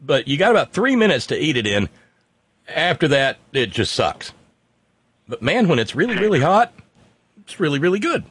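A man's voice: fairly high pitch, big pitch swings, normal speed, pauses often, fairly bright tone, breathy edge, no room sound. A man co-hosting a talk show, telling a news story with heavy sarcasm and mocking asides. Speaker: co-host. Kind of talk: sardonic political banter.

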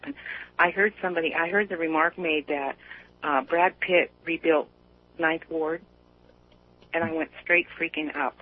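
A man talks in loose, meandering radio chat, stopping and restarting his sentences. His voice is a bit high and breathy. It comes through a thin, tinny phone line. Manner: rambling, self-correcting, many fillers.

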